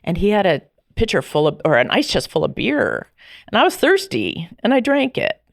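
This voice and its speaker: Gravelly-voiced woman telling her story. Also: mid-range voice, normal speed, dry recording, studio quality. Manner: animated, acts out quoted dialogue. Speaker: podcast guest. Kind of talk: personal storytelling in a conversation.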